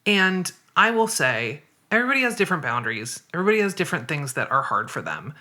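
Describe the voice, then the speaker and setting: Woman guest with a low, lively, bright voice. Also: quick pace. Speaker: guest writer and activist. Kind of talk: podcast interview.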